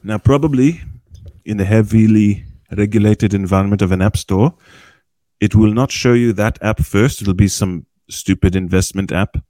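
A man's voice: on the low side, moderate pace, dark tone, no echo. A man as a podcast guest, explaining cryptocurrency in a chatty, folksy way and often checking in with "okay?". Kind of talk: casual explanatory podcast talk. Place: podcast recording with a small group.

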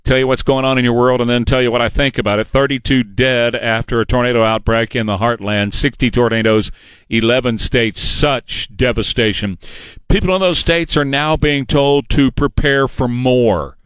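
A man's voice: medium pitch, normal speed, fairly bright tone, smooth, no echo. A man hosting a talk radio news show, reading stories and giving sarcastic, opinionated commentary. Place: radio studio. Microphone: studio microphone.

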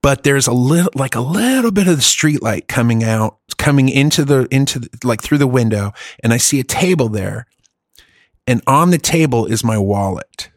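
A man's voice: mid-range voice, expressive, moderate pace, no room sound. Middle-aged man, casual storyteller, rambling and profane, dry close sound. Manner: rambling, profane, laughs often.

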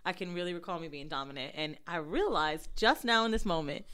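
Young female co-host, low and smooth, profane animated storyteller. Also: fairly quick. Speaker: podcast co-host. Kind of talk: explicit casual chat and storytelling.

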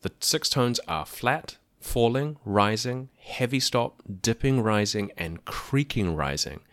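A man hosting a podcast, explaining a language in a clear, methodical way with dry asides. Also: medium pitch, lively intonation, takes it slowly, fairly bright tone, no room sound. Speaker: podcast host teaching about a language.

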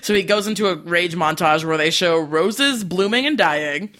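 A man's voice: sits high, normal speed, a little hiss or hum. A man co-hosting a casual movie podcast, recapping scenes with lots of laughter. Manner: animated storyteller, laughs while recapping. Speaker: podcast co-host.

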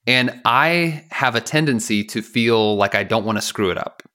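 A man's voice: mid-range voice, moderate pace, hardly any pauses, pushed and bright. A man co-hosting a podcast in casual chat, playful, laughing often and explaining things step by step. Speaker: podcast co-host.

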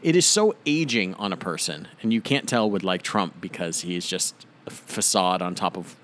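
A man's voice: sits low, normal speed, a bit bright, slight background noise. A man co-hosting a podcast in casual chat, riffing with sarcastic asides. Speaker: podcast co-host.

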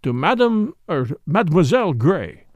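A man's voice: on the high side, very animated, normal speed, dry recording, highs cut off. A man playing a pompous French police official. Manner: pompous, formal and insistent. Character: pompous middle-aged French police commissary.

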